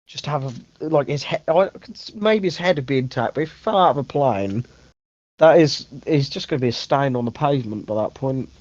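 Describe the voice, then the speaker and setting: A man's voice: medium pitch, animated, normal speed, darkish tone, no room sound, dull audio. A young man hosting a casual movie review podcast, rambling, correcting himself and swearing offhand. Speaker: podcast host.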